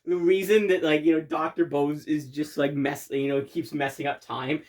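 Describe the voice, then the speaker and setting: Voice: medium pitch, fairly even intonation, moderate pace, a little mellow. Rambling, laughing video commentator. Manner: rambling, laughs often, swears casually. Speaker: video creator doing commentary. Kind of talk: casual commentary over own video.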